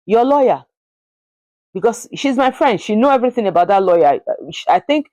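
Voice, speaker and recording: A woman vlogger telling a personal story in an emotional, halting way, often repeating words. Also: medium pitch, expressive, darkish tone, no room sound, low-quality recording.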